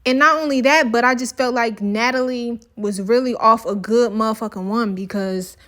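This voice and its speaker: A woman's voice: fairly high pitch, steady tone, moderate pace, a bit bright. Candid, opinionated woman recapping reality TV. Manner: candid, opinionated, talks straight to viewers. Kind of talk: casual reaction commentary.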